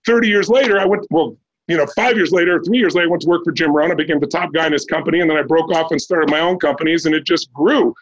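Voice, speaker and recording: A man in his sixties from Southern California talks as a guest on a podcast, with a husky, raspy voice that sits high for a man. He tells his story with energy and bursts into the voices of the people he quotes. The recording sounds a little dull and muffled. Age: 60s. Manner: animated, acts out quoted dialogue in a raised voice.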